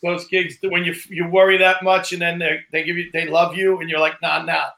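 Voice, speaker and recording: A man's voice: high voice, level tone, fairly quick, pushed and bright. A man co-hosting a casual podcast, making jokes and teasing remarks as he tells a story. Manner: jokey, chiming in with teasing remarks.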